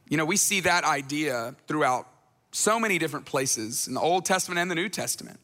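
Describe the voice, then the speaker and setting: A pastor delivers a conversational sermon, now and then dropping into playful voices for the people he quotes. His voice sits high and bright. A long hall reverb trails after each phrase.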